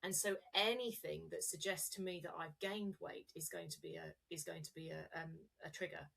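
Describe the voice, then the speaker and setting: A woman's voice: low-pitched, normal speed, gravelly, a bit bright. A woman coach talking freely in a podcast interview, rambling and correcting herself as she explains ideas. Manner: rambling, self-correcting, demonstrative. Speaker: coach and guest.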